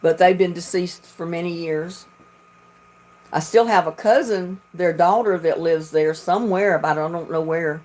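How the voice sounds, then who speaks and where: A woman's voice: fairly low pitch, measured pace, darkish tone. A woman from North Carolina with a Southern accent, chatting casually and telling rambling stories as she hosts a livestream. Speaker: livestream host.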